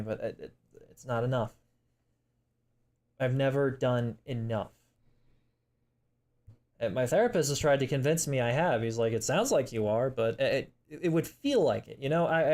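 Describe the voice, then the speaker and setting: A young man talking in a personal vlog, emotional and close to tears, halting with many restarts, apologizing and swearing. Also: medium pitch, a little mellow. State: emotional, tearing up. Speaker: vlogger.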